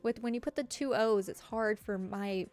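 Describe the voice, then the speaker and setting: A woman's voice: medium pitch, moderate pace, a little mellow, faint music behind. Giggly Southern woman chatting to viewers. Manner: chatty and giggly, lots of fillers. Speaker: streamer. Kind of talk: casual chat with live viewers.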